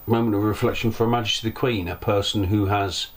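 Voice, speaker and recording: A man's voice: on the low side, steady tone, fast talker. A middle-aged man casually reading an on-this-day list on his channel, breaking off into chatty asides and self-corrections. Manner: chatty, reads then adds personal asides and self-corrections. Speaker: vlogger hosting a Q&A.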